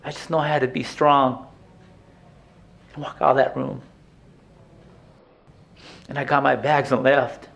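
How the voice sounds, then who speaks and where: An actor playing a haunted male inmate reliving his painful youth, telling it in a halting, emotional theatrical monologue with stammered restarts. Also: mid-range voice, little pitch movement, gravelly, a bit bright. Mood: anguished.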